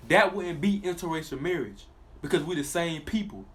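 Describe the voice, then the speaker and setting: Casting: man with a fairly high voice, emphatic and repetitive, preaching straight to the viewer. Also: moderate pace, a bit bright. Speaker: religious commentator. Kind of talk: preachy monologue with scripture reading.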